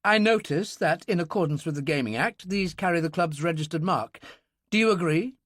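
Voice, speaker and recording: A man's voice: fairly high pitch, brisk, no echo, voice pushed up. A man voicing a precise, formal woman police superintendent in an audiobook. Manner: precise, official, calm.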